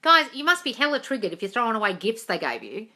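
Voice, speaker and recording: A woman's voice: fairly high pitch, wildly swooping pitch, fast talker, pushed and bright. A woman doing a casual live Q&A, reading viewer questions aloud and answering them in a breezy, blunt way, calling people darling and swearing offhandedly. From Australia. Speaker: manifestation coach on a live stream.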